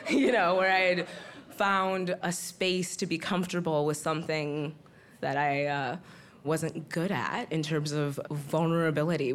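Laughing woman telling a stage story. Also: fairly low pitch. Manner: chatty, laughing often. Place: stage at an open-mic story slam.

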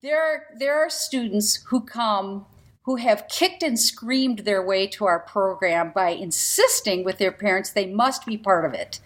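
A woman who plays in a string quartet and teaches, speaking as a radio interview guest in an emphatic, expressive way. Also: measured pace. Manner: emphatic, expressive, with lively pitch swings.

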